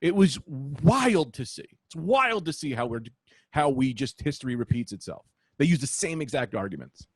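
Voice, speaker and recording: Man telling long stories on a podcast, lively voice that jumps around, dry close sound. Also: on the high side, normal speed, husky, no echo. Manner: rambling storyteller, acts out quotes in voices. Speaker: podcast host. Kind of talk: casual chat.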